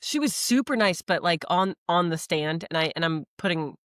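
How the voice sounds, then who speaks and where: A woman co-hosting a podcast from home with her husband, chatting casually, quick to agree and laugh. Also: on the low side, expressive, dry recording, studio quality. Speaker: co-host, wife. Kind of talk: casual chat.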